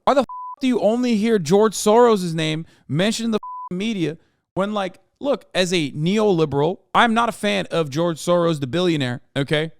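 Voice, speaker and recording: A man streaming live commentary on a clip, ranting in a profane, incredulous, animated way. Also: high-pitched, normal speed, gravelly, clean tone, no echo, studio quality.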